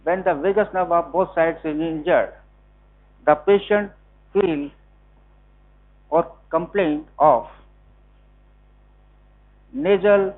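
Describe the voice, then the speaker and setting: Man, Indian English accent, anatomy lecturer, repeats terms, slightly high voice, tinny lo-fi sound. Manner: explains slowly, repeats key terms, scolds students. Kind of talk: classroom lecture. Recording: tinny lo-fi classroom recording.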